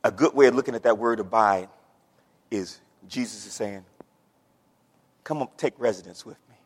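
A man preaching a sermon as pastor, folksy, with homespun stories and plain everyday sayings. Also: fairly low pitch. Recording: long hall reverb.

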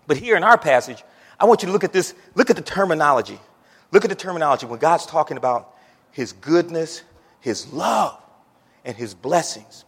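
A pastor with a fairly high voice preaches in a church, and his words ring out with a long hall echo. He tells folksy stories and repeats words as he goes, and his voice builds from quiet reading to loud, fervent preaching. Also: expressive, normal speed, long pauses, breathy edge. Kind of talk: sermon.

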